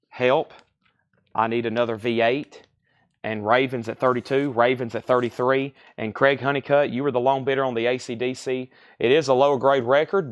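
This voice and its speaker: A man hosting a live-stream vinyl sale in a medium-pitched voice. He reads out conditions and prices in a brisk, businesslike patter and calls bidders by name. Between items he chats casually with the viewers. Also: lo-fi sound. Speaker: host of a live online record sale.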